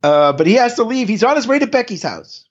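A man co-hosting a podcast and recapping a TV episode in easygoing chat. His pitch swings up and down in a bouncy way, and he rambles, trips over restarts and chuckles between points. The audio sounds a bit dull and lo-fi. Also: big pitch swings, fairly quick, breathy edge. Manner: rambling, lots of restarts and laughter. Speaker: podcast co-host.

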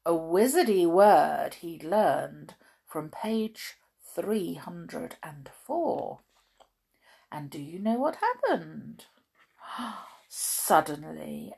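A woman's voice: on the low side, vocal fry, darkish tone, slightly rough. A woman reading a children's storybook aloud with dramatic gasps, then chatting cheerfully to listeners.

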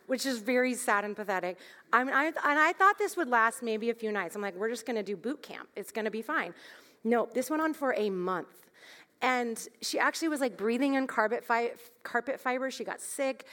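A woman's voice: fairly high pitch, fairly bright tone. Candid woman preaching in a reverberant hall. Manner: candid, self-deprecating, laughs through her stories. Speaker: speaker at a church gathering. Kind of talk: storytelling sermon.

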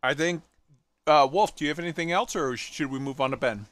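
A laid-back man hosts a casual gaming chat and keeps it moving with short prompts. His voice is smooth and fairly high, with a close, dry sound. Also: brisk, a bit bright, no room sound. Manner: laid-back, moves the talk along with short replies. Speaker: podcast host.

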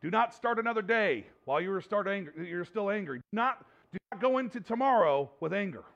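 A man delivers a sermon in an earnest way, circling back to his words and restarting lines. His voice sits high and carries a gravelly fry. The recording sounds dull and lo-fi. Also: animated, brisk, fairly bright tone. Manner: earnest, repeats words and restarts, laughs between points. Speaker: pastor.

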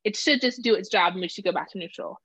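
A woman's voice: medium pitch, quick pace, slightly rough, no room sound. A middle-aged woman in casual conversation, talking animatedly and acting out quoted voices. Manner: animated, acts out voices when quoting. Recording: dull lo-fi sound.

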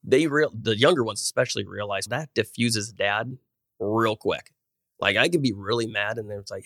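Low-voiced earnest middle-aged man telling stories. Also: moderate pace, fairly bright tone, dry recording, clean studio sound. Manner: earnest, rambling storyteller with frequent restarts. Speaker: guest, business owner. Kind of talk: casual conversational interview.

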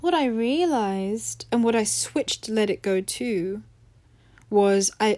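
Young woman podcast host, earnest self-help chat, fairly high, mellow tone. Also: animated, slow. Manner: earnest, conversational, laughs easily, drifts into acted quotes. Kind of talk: reflective self-help talk.

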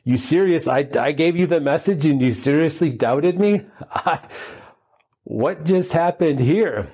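An exasperated angel messenger reacts in disbelief, as a man puts him on. The voice is raised in pitch, with a mellow tone. He sounds incredulous. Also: lively intonation, unhurried, husky, full character voice.

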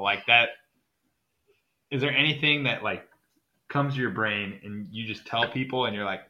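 A man's voice: fairly low pitch, normal speed, bright, forceful tone. A young man hosting a casual podcast chat, laughing often and mimicking friends' voices. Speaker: podcast host.

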